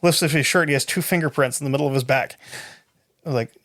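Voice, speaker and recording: A man's voice: medium pitch, fast, fairly bright tone. A man in casual podcast chat, telling a story bluntly and swearing freely. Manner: blunt and profane.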